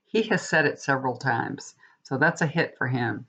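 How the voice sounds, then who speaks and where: A woman's voice: fairly low pitch, very animated, moderate pace, a bit bright. A woman tarot reader chatting casually to her viewers, indignant and talkative, calling them y'all.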